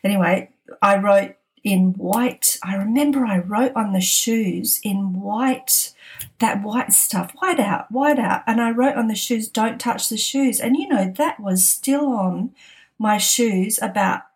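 A woman's voice: mid-range voice, takes it slowly, a little mellow. A middle-aged woman hosting a podcast, casually telling a funny workplace story and laughing often as she talks. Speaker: podcast host.

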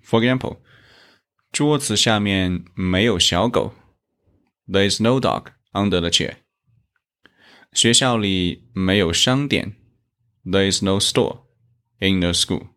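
A man teaching a language lesson, explaining grammar and modeling tones deliberately. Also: deep voice, a bit bright. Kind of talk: slow instructional explanation.

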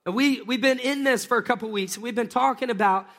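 A man preaching a Sunday sermon as a pastor, energetic, drawing the congregation into call-and-response. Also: extremely high pitch, quick pace, long reverb tail. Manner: energetic, calls for crowd responses. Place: church sanctuary.

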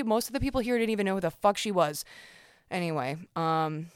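A woman's voice: lowish voice, lively intonation, brisk, smooth, no room sound, studio quality. A woman hosting a casual commentary podcast, talking frankly and chattily with lots of fillers and restarts. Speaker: podcast host.

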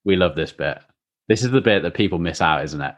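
Chatty, lively-voiced male podcast host. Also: low-pitched. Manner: chatty, jokey, quick to tease. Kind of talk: casual podcast chat.

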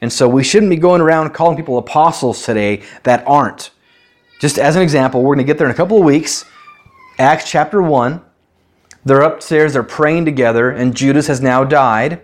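A man's voice: a little high, moderate pace. A man teaching a Bible study as a pastor, explaining verses in a conversational way and asking rhetorical questions. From United States.

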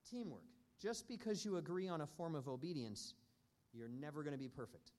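A man's voice: a little high, fairly quick, a little mellow. Earnest man teaching a parenting class. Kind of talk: church teaching talk.

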